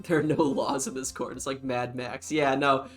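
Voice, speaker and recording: A man's voice: medium pitch, little pitch movement, moderate pace, a bit bright, faint music behind. A man hosting a casual game stream, rambling and giggling through loose banter full of fillers. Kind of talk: casual let's-play banter.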